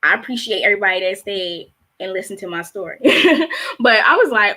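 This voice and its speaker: A woman's voice: mid-range voice, animated, a little fast, sharp tone. A woman in her twenties with a Baltimore accent, a spoken word poet with a rhythmic, emphatic delivery on a live-streamed show. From Baltimore, USA. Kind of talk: spoken word performance and casual chat. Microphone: streaming on a live online show.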